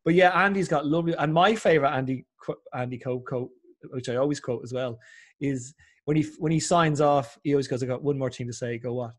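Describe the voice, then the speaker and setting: A man's voice: mid-range voice, brisk. An Irish man chatting casually as a podcast guest, telling stories and acting out the voices of people he quotes. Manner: animated storyteller, acts out quoted voices. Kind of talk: casual chat.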